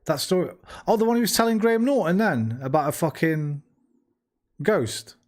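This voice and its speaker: A man's voice: sits high, big pitch swings, normal speed. A man with a Midlands accent chatting casually as a livestreamer, swearing freely and laughing often. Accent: Midlands English. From English Midlands. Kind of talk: casual commentary.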